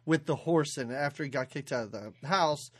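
A woman's voice: deep voice, a little fast, no echo. A woman co-hosting a podcast who jokes and asks amused, incredulous questions about a movie. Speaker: podcast co-host. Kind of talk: casual chat about a movie.

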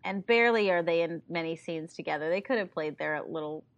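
A woman co-hosting a casual podcast, recapping a movie with lots of laughter and lively retelling. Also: fairly low pitch, brisk, lo-fi sound. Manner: animated, laughs often, acts out lines from the film. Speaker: podcast co-host.

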